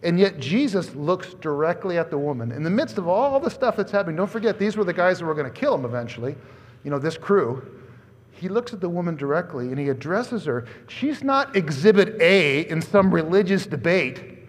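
A man preaching a sermon as pastor, in an animated, conversational way that swings between loud and hushed. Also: on the high side, brisk. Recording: long hall reverb.

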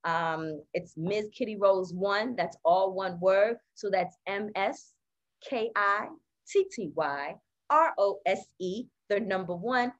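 A woman's voice: medium pitch, slow, highs cut off. A woman minister talking as a podcast guest, chatty and candid, often laughing as she speaks. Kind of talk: casual interview chat.

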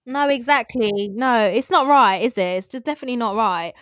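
A woman's voice: on the high side, fairly quick, a bit bright, dry recording, studio quality. A woman in casual chat, sympathetic and supportive as she responds.

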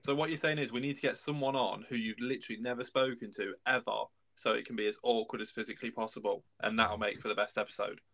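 A man's voice: medium pitch, fairly even intonation, fast, hardly any pauses, fairly bright tone, low-quality recording. A man from the English Midlands guest-hosting a podcast, bantering bluntly and swearing. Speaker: guest host. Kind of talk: casual chat.

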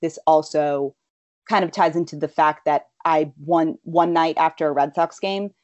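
A woman's voice: low-pitched, fairly even intonation, normal speed, a little mellow, no echo. Chatty young woman, muffled dry sound. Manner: rambling storyteller, many fillers. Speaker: guest. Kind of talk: casual chat.

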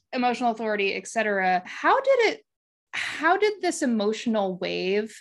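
A woman hosting a casual interview, thoughtful and affirming, asking long open questions. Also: mid-range voice. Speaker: host.

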